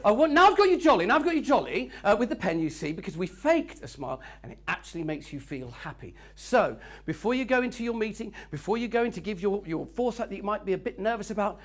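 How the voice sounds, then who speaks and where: A man's voice: sits high, sing-song, fast, few pauses. A man leading a live networking workshop, cheeky and joking, teasing his audience in a meeting room. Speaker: workshop speaker.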